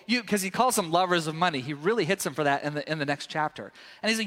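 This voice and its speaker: A pastor delivers a sermon in a high, bright voice, talking fast with lively intonation. He tells the story with animation, leaping into the characters with sudden loud outbursts, and the long, echoing reverb of a large hall surrounds him.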